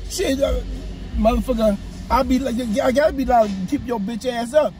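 A man arguing from the passenger seat of a car, swearing constantly, stammering and often shouting. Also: very high-pitched, normal speed. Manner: profane, stammering, yelling. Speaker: prank target, passenger. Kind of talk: heated casual argument. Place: inside a car. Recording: car interior noise.

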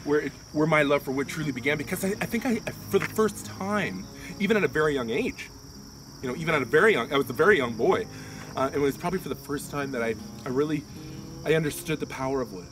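Casting: excitable rambling comedic host, male, slightly high voice, recorded from a distance outside with crickets. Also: background noise. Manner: rambling, halting, gushing and excitable. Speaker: comedy show host in character. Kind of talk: mock-earnest outdoor comedy monologue.

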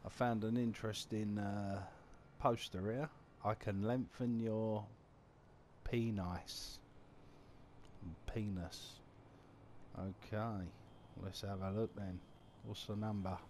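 A man's voice: fairly low pitch, fairly even intonation, slow, a little mellow, slight background noise. A man giving casual, crude, joking commentary over a video game, muttering as he reads things aloud. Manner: mutters while reading numbers aloud. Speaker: gaming commentator.

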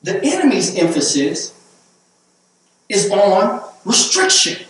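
Slow high-voiced preacher in an echoey church. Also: male voice, big pitch swings. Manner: repeats words, rising to emphatic peaks. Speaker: pastor. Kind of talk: sermon. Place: church sanctuary. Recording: echoey church hall, mic at a distance.

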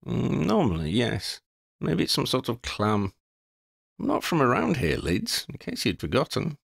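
A man's voice: mid-range voice, wildly swooping pitch, unhurried, creaky, breathy edge, no room sound, clean studio sound, exaggerated voice. A man voicing a clever young boy wizard who speaks tentatively and thoughtfully.

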